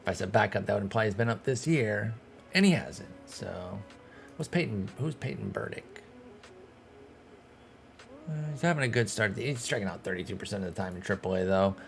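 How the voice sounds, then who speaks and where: A young man giving casual gameplay commentary as a streamer, thinking aloud and breaking into sudden excited outbursts. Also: on the low side, normal speed, gravelly, pauses often, faint music behind. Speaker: streamer playing a baseball management game.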